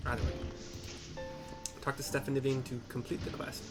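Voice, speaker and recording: A man's voice: medium pitch, little pitch movement, moderate pace, long pauses. A man giving casual, rambling commentary on a game playthrough and often correcting himself. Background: game music.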